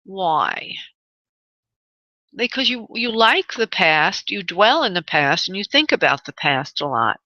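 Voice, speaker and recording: A woman hosting psychic call-in radio, her voice bright and forward in a dry, close sound. She soothes callers with honey and love and thinks aloud as she tunes in. The audio is a little dull and lo-fi. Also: mid-range voice, very animated, no room sound. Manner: thinks aloud, pauses to tune in. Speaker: radio show host and spirit medium.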